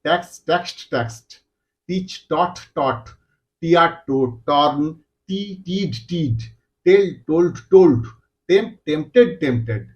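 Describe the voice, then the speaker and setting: Slow man reciting verb forms. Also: fairly high pitch, animated, darkish tone, dull audio. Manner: slow, deliberate recitation of single words. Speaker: English teacher.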